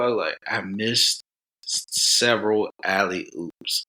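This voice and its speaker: A man's voice: on the low side, a little slow, bright, forceful tone. A man who is a comedian, chatting casually in slang and acting out what people said to him. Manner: loose, slangy storytelling with voiced asides. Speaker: comedian guest. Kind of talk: casual chat.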